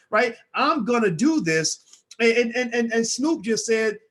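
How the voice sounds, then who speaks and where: A man's voice: extremely high pitch, lively intonation, measured pace, a bit bright. A man giving casual commentary to his viewers, emphatic and insistent, repeatedly demanding yes-or-no answers, with frequent stammering restarts. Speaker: online commentator.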